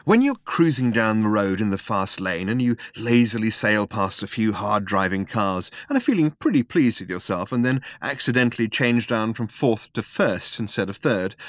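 A man narrating a comic science-fiction story in a measured, wry way. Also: on the low side, no room sound, studio quality. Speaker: audiobook narrator. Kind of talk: scripted narration.

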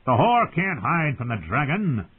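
A man's voice: big pitch swings, a little slow, breathy edge, exaggerated voice. A man voicing a drunken, arrogant young exiled king whose voice is thick with wine. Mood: drunken rage. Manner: slurred, thick with wine, shrill and demanding. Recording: tinny phone-like audio.

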